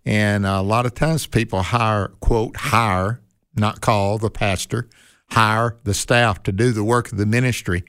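Low-voiced man, folksy Bible chat. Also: steady tone, measured pace, a bit bright, clear, resonant tone, no room sound, clean studio sound. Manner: folksy, asks rhetorical questions. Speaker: co-host. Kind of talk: conversational Bible discussion.

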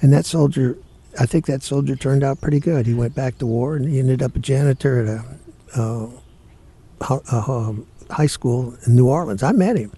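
An older man, a guest in an interview, telling family stories in a plainspoken, animated way. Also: mid-range voice, moderate pace, husky. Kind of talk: storytelling in an interview.

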